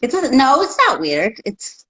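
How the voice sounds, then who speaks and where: A woman guest who works as a life coach, talking in a calm, reassuring, counseling way. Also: on the high side, unhurried, poor audio. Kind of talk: casual chat.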